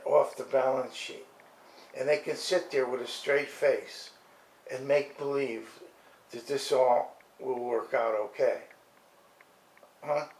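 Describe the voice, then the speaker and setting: A man's voice: mid-range voice, darkish tone. Indignant ranting man in an echoey room. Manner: indignant, incredulous, repeating "okay?" and stumbling restarts. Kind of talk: ranting monologue.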